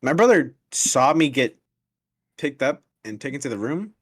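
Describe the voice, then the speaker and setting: A man's voice: medium pitch, normal speed, no room sound, clean studio sound. Laughing young man telling stories. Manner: animated storytelling, laughs often. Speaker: podcast co-host. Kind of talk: casual chat.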